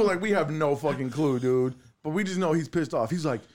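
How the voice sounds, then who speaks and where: A man's voice: on the high side, a little fast, darkish tone. A man, co-hosting a casual podcast chat and telling rowdy childhood stories with lots of laughing and swearing. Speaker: podcast co-host.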